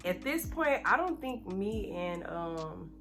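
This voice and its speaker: A young woman from Texas telling a personal story while doing her makeup. She talks in an animated, chatty way and speeds up when she gets nervous. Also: medium pitch, slow, soft background music. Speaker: beauty vlogger.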